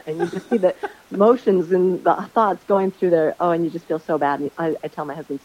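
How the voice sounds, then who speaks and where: A woman in casual chat, telling her own hosting stories in a lively way and acting out the lines of the people in them. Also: fairly low pitch, brisk, poor audio. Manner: animated storyteller, acts out quotes. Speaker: Airbnb host sharing stories.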